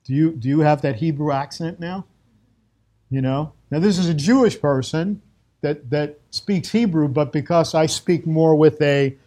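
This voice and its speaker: A man's voice: on the high side, a little mellow. A middle-aged man from Brooklyn with a New York accent, giving an emphatic, conversational religious lecture on Torah with Hebrew terms mixed in. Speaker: Torah teacher.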